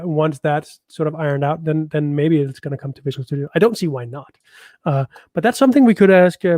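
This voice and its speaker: A man's voice: a little high, a little mellow, no room sound, clean studio sound. A man co-hosting a live developer stream, talking loosely with many restarts. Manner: loose, rambling, lots of restarts. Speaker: co-host. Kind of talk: casual live-stream chat.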